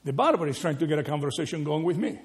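A male pastor delivering a sermon in a slightly higher-pitched voice. He talks in a lively, conversational way and keeps checking in with his listeners through rhetorical questions. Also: racing. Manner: animated, rhetorical questions with frequent "right?".

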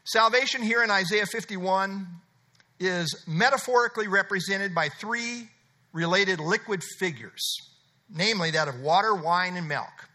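Man, middle-aged pastor, high voice, very bright and forceful tone, emphatic repetition. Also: measured pace. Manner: emphatic, repeats key phrases, conversational asides. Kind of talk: expository sermon.

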